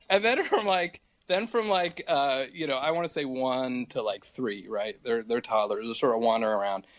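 A man's voice: mid-range voice, normal speed. An American man in his thirties, a regular correspondent on a comedy podcast, rambling through a theory in casual chat and laughing often. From United States.

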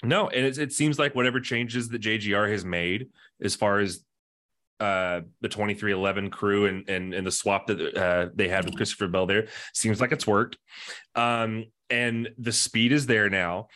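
A man's voice: lowish voice, fairly even intonation, moderate pace, sharp tone. A man co-hosting a casual podcast chat, talking things through with lots of "you know" and his voice rising when he makes a point. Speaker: podcast co-host. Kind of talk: casual chat about motor racing.

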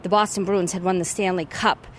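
A woman's voice: lowish voice, steady tone, fairly quick, slight background noise. A woman in her sixties with an American accent, telling a story in an outdoor interview with a few ums. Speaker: guest. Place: outdoors in a town square.

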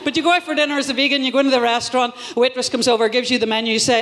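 A woman in her fifties from Northern Ireland with a Northern Irish accent, doing a wry, deadpan stand-up set with plenty of swearing at a live comedy venue. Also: high-pitched, very fast.

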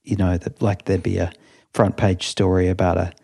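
Mellow low-voiced man chatting. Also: level tone, moderate pace, vocal fry. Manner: rambling, laughing storyteller. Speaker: podcast co-host. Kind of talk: casual chat.

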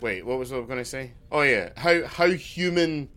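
Rambling, bright-voiced man in casual chat. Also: medium pitch, lively intonation, normal speed. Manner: rambling, loses his thread, swears. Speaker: podcast co-host.

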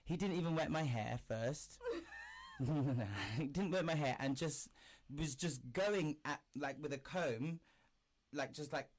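A man's voice: on the high side, unhurried. A young man telling a story in casual chat, acting out the people he quotes and swearing freely. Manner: animated, acts out quoted voices, swears.

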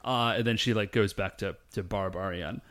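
A man co-hosting a casual chat, excitedly retelling an episode and acting out the characters' lines. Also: lowish voice, moderate pace. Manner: animated, acts out characters' lines while retelling. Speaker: podcast co-host. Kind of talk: casual chat recapping a show.

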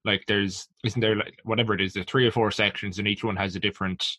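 A man's voice: fairly low pitch, fairly even intonation, fast, pushed and bright, breathy edge, dry recording. An Irish man in his twenties co-hosting a podcast, rambling loosely and saying "like" a lot. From Ireland. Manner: loose and rambling, heavy use of "like". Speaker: podcast co-host. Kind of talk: casual podcast chat.

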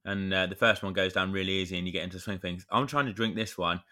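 A man in his thirties with a low voice that still sounds bright and forceful. He co-hosts a podcast in casual chat. He tells long, rambling stories with mild swearing. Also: fairly even intonation, fast talker. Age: 30s. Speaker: podcast co-host.

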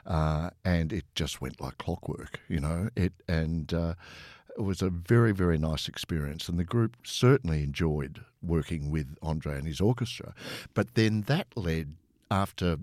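A man with a very low voice tells long stories in a relaxed, chatty way. He is recorded dry and close, with no room sound around him. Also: measured pace, no echo. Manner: anecdotal, chatty, with fillers. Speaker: interview guest, former tour manager. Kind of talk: relaxed storytelling.

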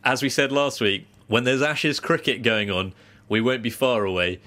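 A man's voice: medium pitch, moderate pace, pushed and bright. A man co-hosting a podcast in casual chat, jokey and laughing often. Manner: jokey, laughs often, does silly voices. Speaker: podcast co-host.

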